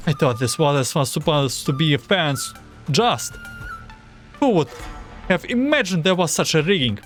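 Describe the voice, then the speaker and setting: A man's voice: on the high side, big pitch swings, slow pace, long pauses, faint music behind. A man streaming a game, reading the dialogue aloud and reacting with anxious groans between lines.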